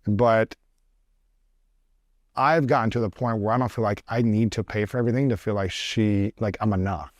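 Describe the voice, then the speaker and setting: A man's voice: on the low side, steady tone, moderate pace, no echo, clean studio sound. A man hosting an interview show, curious and affirming, asking probing follow-up questions. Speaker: podcast host. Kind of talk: interview conversation.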